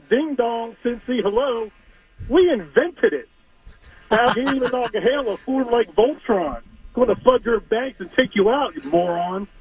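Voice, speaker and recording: A man's voice: extremely high pitch, breathy edge. Playful man rapping over a phone line. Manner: playful, mocking, rhyming. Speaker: caller doing a weekly rap segment. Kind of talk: comic rhyming trash talk.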